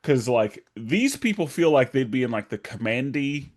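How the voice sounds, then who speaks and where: A man co-hosting a casual podcast chat, speaking in a hesitant, halting way with many fillers. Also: medium pitch, big pitch swings, a little mellow. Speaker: podcast co-host.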